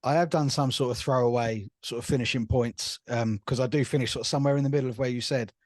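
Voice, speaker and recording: A man's voice: mid-range voice, steady tone, fast talker, darkish tone, no echo, clean studio sound. An easygoing, enthusiastic man from England, a guest on a casual sports podcast.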